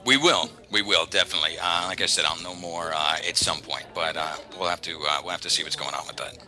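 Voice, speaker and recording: A man who works as a voice talent agent, talking frankly in a casual interview and acting out callers in quick asides. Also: low voice, pushed and bright. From New York area. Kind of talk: candid casual interview talk.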